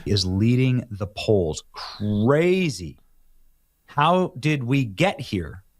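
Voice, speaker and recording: A man giving live-stream political commentary in an animated, sarcastic, theatrical way. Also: medium pitch, drawn-out words.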